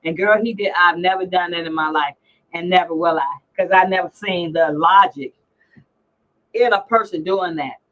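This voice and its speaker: A woman's voice: on the low side, normal speed, a bit bright, highs cut off. A middle-aged woman hosting a casual livestream chat, teasing and brash as she reads out comments. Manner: brash, teasing, salty language. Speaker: livestream host.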